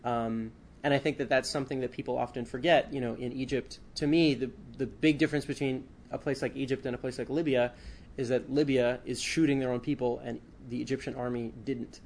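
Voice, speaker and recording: A man's voice: medium pitch, steady tone, brisk, a little mellow, slight background noise. A male author speaking at a book talk, hesitant with many fillers, then reading a passage from his book.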